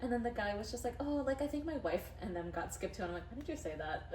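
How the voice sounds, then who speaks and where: High-voiced woman, off-mic in an echoey room. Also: fast, recorded from a distance, slight background noise. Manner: animated storyteller, laughing, acting out quotes. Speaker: podcast co-host. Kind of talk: casual chat.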